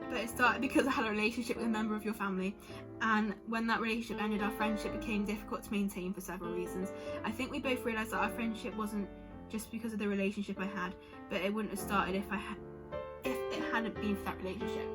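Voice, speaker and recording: Over loud music, a young adult woman with a medium-pitched, fairly even voice speaks quickly in a chatty vlog. She reads out what her friends answered and reacts to each, rambling and emotional, full of "like" and self-interruptions.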